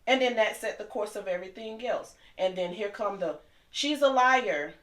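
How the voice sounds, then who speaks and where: Impassioned woman in an echoey room. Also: mid-range voice. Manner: impassioned, talks fast and heated. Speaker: guest. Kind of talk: emotional personal storytelling.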